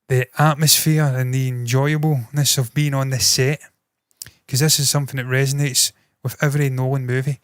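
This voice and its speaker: A man's voice: mid-range voice, no room sound, clean studio sound. A man hosting an entertainment news show, giving casual, opinionated commentary. He swears freely and thinks aloud, correcting himself as he goes.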